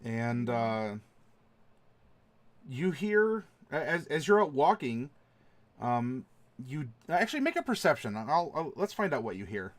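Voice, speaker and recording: A man narrating a tabletop game as game master, halting and full of fillers. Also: medium pitch, big pitch swings.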